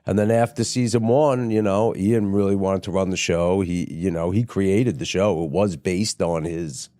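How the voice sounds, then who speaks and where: A man's voice: low voice, moderate pace, mellow, no room sound, studio quality. A man as a podcast guest, telling stories in a laid-back, profane, rambling way with lots of fillers. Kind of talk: casual storytelling interview.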